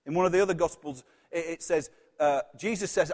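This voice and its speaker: A man's voice: sits high, lively intonation, fairly quick, hardly any pauses, darkish tone. A man with a Yorkshire accent preaching a conversational sermon, asking the congregation questions and acting out voices. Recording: long hall reverb.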